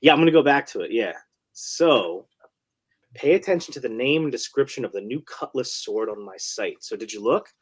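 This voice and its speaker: A man's voice: mid-range voice, expressive, normal speed, breathy edge. A man co-hosting a casual toy chat show, laid-back and chatty. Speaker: co-host.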